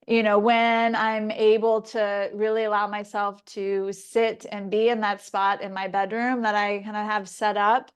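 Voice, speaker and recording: Smooth-voiced woman sharing reflectively. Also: mid-range voice. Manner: reflective, halting, with many fillers. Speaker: class participant. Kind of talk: sharing in a group class.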